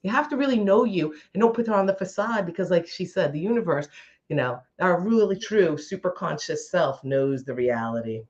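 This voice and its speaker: A woman's voice: fairly low pitch, expressive, moderate pace, darkish tone. Female co-host, workshop-leader energy; emphatic, speaks straight to listeners, slightly muffled audio. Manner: emphatic, preachy, addresses listeners directly. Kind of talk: casual motivational chat. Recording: slightly dull lo-fi sound.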